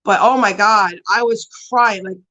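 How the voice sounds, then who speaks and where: A woman with a mid-range voice and fairly even intonation hosts a casual beauty live stream, chatting and answering viewers at normal speed. She sounds pushed and bright, rambles with lots of fillers, and laughs often. The recording quality is low.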